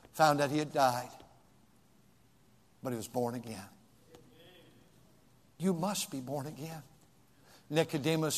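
An older man preaching a sermon, moving between hushed storytelling and shouted pleading questions. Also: fairly high pitch. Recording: long hall reverb.

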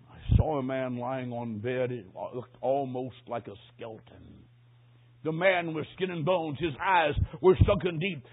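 A man preaching a sermon as he tells a story, swinging dramatically from hushed tones to shouts. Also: fairly high pitch, husky. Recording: tinny phone-line sound.

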